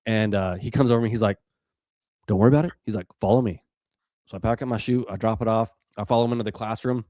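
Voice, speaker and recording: Talking very fast in a lowish voice, the podcast guest, a Rocky Mountain man in his forties who once served as a special operations weatherman, spins an animated story packed with fillers, restarts, and performed quotes. The studio sound is clean, without any room sound.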